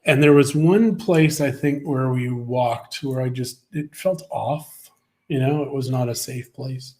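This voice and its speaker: A man's voice: mid-range voice, a little slow, a little mellow. Middle-aged man rambling through casual stories. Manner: rambling anecdotes with many restarts. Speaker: co-host of a livestream show. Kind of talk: casual chat.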